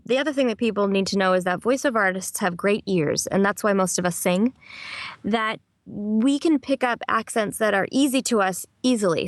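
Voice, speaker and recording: A woman voice actress chats animatedly in an interview, laughing easily. The sound is dry and close, with no room echo. Her voice sits at a middle pitch. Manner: chatty and animated, laughs often, slips into quick impressions. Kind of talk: casual interview answers.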